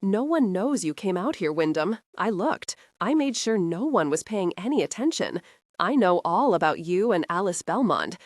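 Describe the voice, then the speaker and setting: A woman's voice: lowish voice, very animated, normal speed, no echo, studio quality. A woman voicing a middle-aged male gunman who sneers and threatens, in an audiobook. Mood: menacing.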